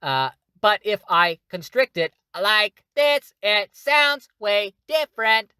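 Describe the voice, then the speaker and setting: A man's voice: high voice, expressive, slow, sharp tone, clear, resonant tone, no echo, voice pushed up, exaggerated voice. A man voicing a small, chipper male gnome with a constricted voice.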